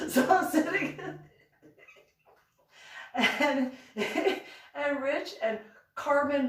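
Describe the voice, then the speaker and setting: A woman's voice: sits high, slow, echoey room, distant mic. A woman telling a casual story, acting out both sides of the conversation with lots of laughter and restarts. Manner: animated, acts out both sides of dialogue, laughs often, many restarts. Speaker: reverend reading and commenting on her diving memoir.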